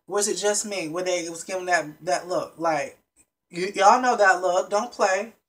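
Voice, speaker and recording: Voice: medium pitch, a little slow, a bit bright. A vlogger casually recapping a reality show episode for viewers, chatty and emphatic, with many restarts and frequent asides to the audience.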